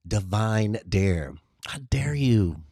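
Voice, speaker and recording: A man's voice: animated, takes it slowly, gravelly, dark tone, no room sound, studio quality. A man hosting a live stream, giving an emphatic motivational talk full of repeated affirmations and greeting viewers by name. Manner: emphatic, repetitive affirmations with big pitch swings. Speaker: livestream host.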